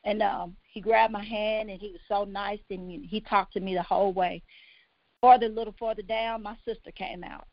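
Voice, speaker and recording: A woman telling her own life story on a talk show, halting with many pauses and restarts, emotional and close to tears. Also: medium pitch, no echo. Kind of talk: personal testimony on a talk show. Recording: dull, lo-fi, dry sound.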